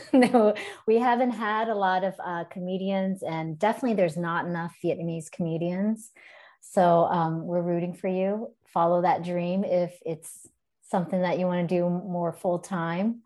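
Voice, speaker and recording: A woman's voice: on the low side, fairly even intonation, moderate pace, a little mellow. Woman hosting an interview. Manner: friendly, laughs along. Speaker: host. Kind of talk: interview host.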